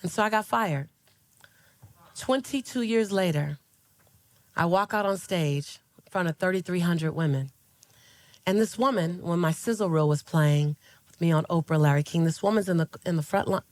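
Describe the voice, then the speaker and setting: A woman's voice: on the low side, normal speed. A woman in her forties giving a motivational keynote speech, telling stories with laughter and call-and-response asides to the audience. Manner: laughs through her lines. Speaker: motivational speaker.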